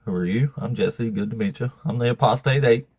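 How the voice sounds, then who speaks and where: A man's voice: mid-range voice, a little fast, a little mellow, slightly rough, dry recording. A man hosting a livestream debate show, joking and laughing often.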